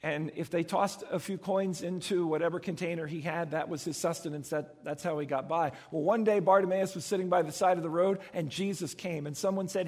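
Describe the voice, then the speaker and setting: High husky-voiced guy preaching a sermon, lots of hall echo behind him. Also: fairly quick, hardly any pauses. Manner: animated storytelling, acts out voices. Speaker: pastor.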